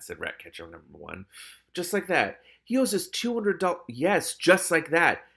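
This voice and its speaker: A man reads a novel aloud and often breaks off to react and exclaim. His voice has a lively, swinging pitch, a gravelly texture and a bright, forward tone. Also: normal speed. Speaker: reader and commentator. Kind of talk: reading a novel aloud with commentary.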